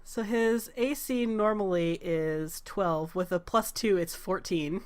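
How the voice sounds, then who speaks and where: A woman narrating as game master of a tabletop game, chatty and quick to laugh. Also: medium pitch, a little mellow, a little hiss or hum.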